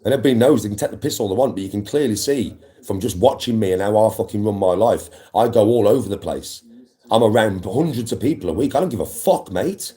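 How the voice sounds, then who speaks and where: A man hosting a livestream, pouring out a swearing, combative rant at his viewers. His voice sits low and dark, and it swings widely up and down as he pushes his point. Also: animated, quick pace. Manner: aggressive, swearing, defiant. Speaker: livestream host. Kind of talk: ranting to live viewers.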